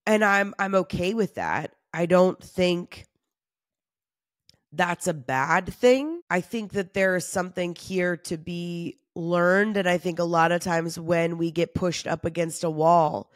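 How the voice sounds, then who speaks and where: A woman's voice: fairly low pitch, takes it slowly, dry recording, clean studio sound. A woman hosting her own podcast alone, talking candidly and confessionally, tired and run down, with casual laughs and the odd swear. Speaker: podcast host. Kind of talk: candid solo podcast talk.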